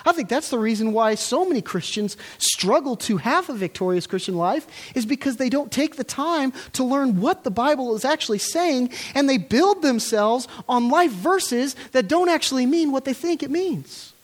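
A male pastor delivers an earnest sermon in church. His pitch rises and falls in lively swings as he presses his points. He asks the congregation pointed rhetorical questions. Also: moderate pace, few pauses.

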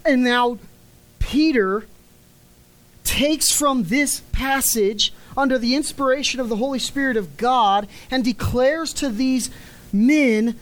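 Through a low-quality recording comes a woman with a high voice, preaching emphatically. She prolongs the key words, and her lines drop at the finish.

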